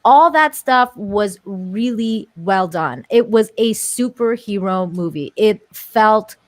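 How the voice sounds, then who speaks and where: An opinionated woman co-hosting a casual podcast, her mid-pitched voice animated as she repeats her points. The sound is dry and close, with no room around it. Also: slow pace, dry recording. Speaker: podcast co-host.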